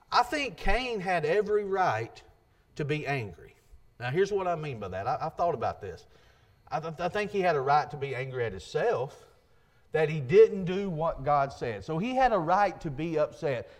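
A man's voice: high voice, big pitch swings, normal speed. A man preaching a sermon, earnest and repetitive, quoting scripture and restarting his sentences.

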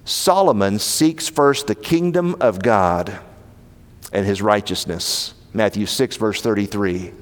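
A man preaching a sermon, emphatic, swinging between raised and hushed passages. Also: lowish voice, slow pace, long reverb tail. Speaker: pastor.

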